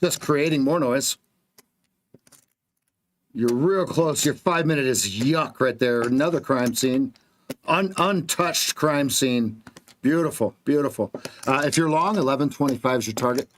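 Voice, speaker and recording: A man's voice: medium pitch, measured pace, a little hiss or hum. A man coaching viewers through a live trading stream, giving clipped, blunt market calls with casual slang.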